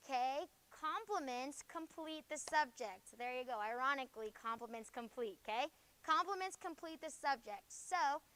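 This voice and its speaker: A woman teaching a junior high grammar review in a classroom, firing quick questions at the class and ending points with "okay?". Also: a bit bright, poor audio.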